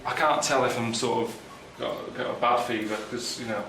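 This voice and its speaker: A man giving grumbling, deadpan travel commentary outdoors, moaning and complaining as he goes. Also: medium pitch, fairly quick, music in the background, low-quality recording. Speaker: traveling presenter.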